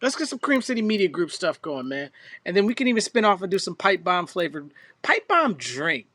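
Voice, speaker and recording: A man co-hosts a casual podcast, loose and teasing as he jokes with his partner. His voice is high and bright for a man, with a sharp edge. The sound is dry and close. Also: expressive, fast talker, no echo. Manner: joking, laughing, loose and teasing. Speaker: podcast co-host. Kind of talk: casual chat.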